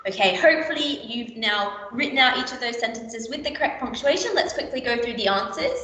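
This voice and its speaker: A woman teaching a recorded primary school literacy lesson, explaining clearly and patiently and slipping into playful example voices. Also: a little high, lively intonation, a little fast, pushed and bright, distant mic. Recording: echoey room, voice a bit off-mic.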